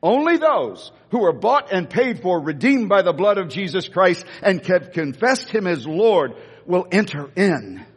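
A man preaches in a church, his high voice leaping up and down as he hammers home repeated lines. His tone is a little husky, and long reverb trails each phrase through the hall. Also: very animated. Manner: emphatic, repeats key lines, swings from slow stressed phrases to quick asides. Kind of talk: sermon.

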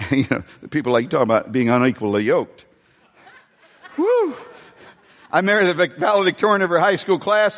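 Male pastor, middle-aged, joking sermon delivery; high pitch, long hall reverb. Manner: animated, jokey preaching with laughs and sudden shouts. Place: church hall.

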